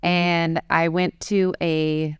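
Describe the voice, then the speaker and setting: A woman's voice: fairly low pitch, flat delivery, very slow, smooth, dry recording, studio quality. A woman in her forties, a fashion designer being interviewed, telling her story in a candid, conversational way.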